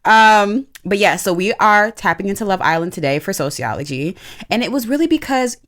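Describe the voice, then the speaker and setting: A woman from the United States co-hosting a podcast in casual, animated chat, swearing now and then. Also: mid-range voice, a little fast. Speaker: podcast co-host.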